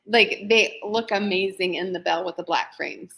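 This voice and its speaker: A woman's voice: medium pitch, moderate pace, creaky, few pauses, bright, forceful tone. Bubbly woman selling on a livestream. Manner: bubbly, gushing, chatty. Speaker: small shop owner presenting products. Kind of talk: live shopping stream.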